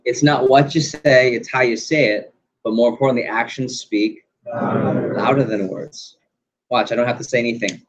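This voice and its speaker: A man running a sales training class, animated and quizzing the group with questions. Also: mid-range voice, moderate pace. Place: training room. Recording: dull lo-fi recording.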